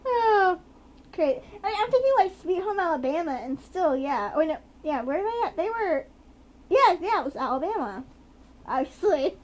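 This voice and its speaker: In a very high-pitched, sing-song voice and at a moderate pace, a podcast co-host with a slight Southern accent recaps a TV episode. She rambles in a chatty, casual way, using plenty of fillers.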